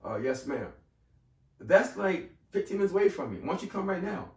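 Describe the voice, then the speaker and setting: A man voicing a brisk, no-nonsense female school principal who gives curt, firm commands, in an echoey room with a distant mic. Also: high voice, big pitch swings, darkish tone, voice pushed up. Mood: insistent.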